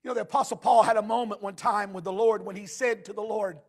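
High-voiced, gravelly preaching man. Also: steady tone, quick pace. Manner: swings from shouted emphasis to hushed low tones. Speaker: pastor. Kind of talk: sermon.

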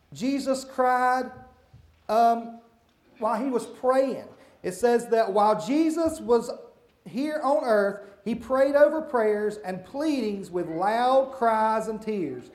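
Man leading a children's sermon. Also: very high-pitched. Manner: asks children questions, talks simply and warmly to kids; hushes and redirects children mid-talk. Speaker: children's church leader.

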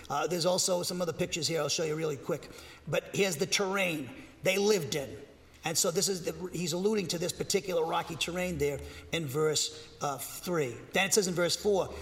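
In a large hall, a pastor with a somewhat high, slightly bright voice teaches the Bible verse by verse. He reads scripture aloud and then explains it, with fillers and restarts along the way.

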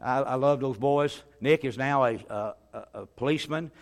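A middle-aged man preaching, telling funny stories in an animated way and often chuckling and clearing his throat. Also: medium pitch, normal speed. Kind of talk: humorous sermon storytelling.

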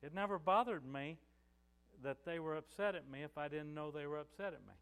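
A man's voice: a little high, fairly quick, fairly bright tone, clear, resonant tone, long reverb tail. An older man preaching a sermon as pastor, in a conversational way with many "you know" fillers.

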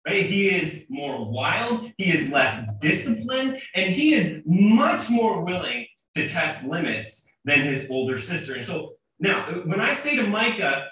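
A man in his thirties, a pastor preaching a sermon in an animated, emphatic way, often restarting his phrases. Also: high-pitched, unhurried, few pauses. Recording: echoey room from a distance.

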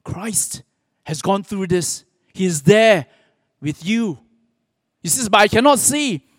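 High-voiced man preaching in a hall. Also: animated, clean studio sound. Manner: earnest preaching with pauses, quoting scripture. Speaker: pastor. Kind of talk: sermon.

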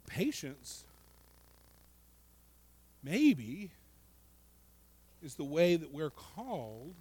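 A pastor preaches a sermon earnestly, his voice a little high, often repeating words and shifting between loud emphasis and quiet asides.

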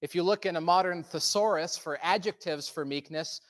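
A man preaching a sermon, praying in an earnest, measured way and then telling a story to the congregation. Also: on the high side. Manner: earnest, measured, with soft slowed prayer. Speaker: pastor.

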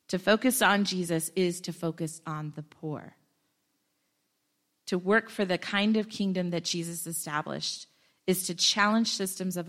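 A woman preaching a sermon in a conversational way, with joking self-deprecating asides to the congregation. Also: lowish voice. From Ohio, United States.

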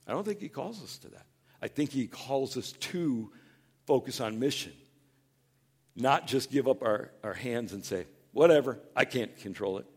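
A male pastor delivering a sermon in an earnest, conversational way, with a voice of middling pitch for a man. He talks with his listeners rather than at them, leaning into quoted lines with a livelier tone and easing down to a quieter delivery when he turns tender. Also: a little slow, husky. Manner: animated, acts out quoted voices in a higher, louder tone; earnest and conversational, drops soft for tender points.

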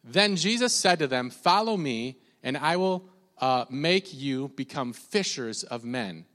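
Energetic preacher in an echoing sanctuary. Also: male voice, mid-range voice, measured pace. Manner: energetic, leads call-and-response. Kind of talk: church sermon with scripture reading. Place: church sanctuary. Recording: long reverb of a church hall.

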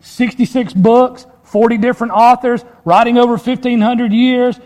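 A man's voice: extremely high pitch, steady tone, moderate pace, darkish tone. A man preaching a sermon to his congregation, conversational and full of rhetorical questions. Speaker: pastor.

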